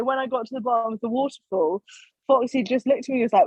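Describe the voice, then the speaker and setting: A woman, a guest on a podcast, has a slightly rough, a little high voice and speaks fast. Her storytelling in casual chat is animated, with quoted lines acted out. The recording sounds dry and slightly dull.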